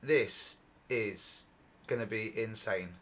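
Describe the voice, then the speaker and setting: A middle-aged man hosting a UFO channel, giving excited, repetitive commentary over video footage, his voice going hoarse. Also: lowish voice, takes it slowly. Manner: excitable, repetitive, exclaims often.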